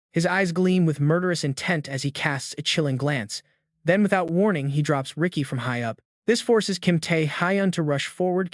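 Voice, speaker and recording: A man's voice: fairly high pitch, no echo. Dramatic male recap narrator, dry sound. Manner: dramatic, steady storytelling delivery. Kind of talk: scripted story recap narration.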